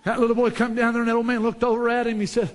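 A man preaching a sermon, building to fervent shouts and dropping back down low. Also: completely flat delivery, racing. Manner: rises to fervent shouts, then drops low.

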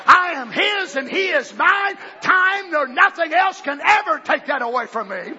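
A man preaching a fiery sermon, shouting fervently and then dropping to low, quiet asides. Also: animated, measured pace. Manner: shouts fervently, swings between loud bursts and low asides. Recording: dull lo-fi recording.

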